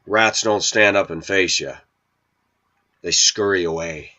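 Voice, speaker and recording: Speaking slowly in a low, sharp-toned voice, this middle-aged video channel host is sniffly with a cold. He rants combatively to camera, scolding and preaching to his viewers, and the audio has a dull lo-fi quality.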